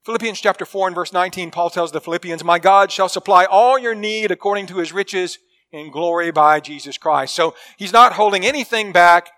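A man preaching a sermon earnestly, stressing points and sometimes dropping to a hushed tone. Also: sits high, fairly quick. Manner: earnest, emphatic preaching with dramatic drops to a hush; acts out quoted people in a story.

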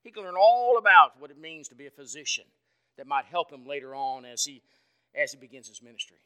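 A man preaching an evening sermon in a folksy, conversational way, asking the congregation questions and swinging from loud to soft. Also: on the high side, animated, a little fast, clean tone. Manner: dynamic, swings from loud to quiet.

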